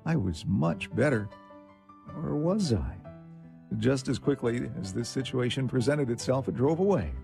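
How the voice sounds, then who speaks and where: A man narrates a short story in an expressive reading style, his voice mid-pitched and steady. Faint instrumental music plays underneath him throughout. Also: unhurried, vocal fry. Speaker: story segment reader. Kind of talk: scripted narration.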